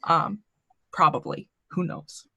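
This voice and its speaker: A woman's voice: low voice, slow pace, creaky, pushed and bright, breathy edge, no room sound. A woman introducing herself as a tabletop game player, playful and trailing off into jokes. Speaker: communications director and player.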